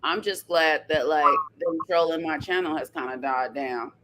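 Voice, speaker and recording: A woman hosting a casual podcast chat, animated and sassy, laughing often as she talks. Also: low voice, normal speed, very noisy. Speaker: podcast host.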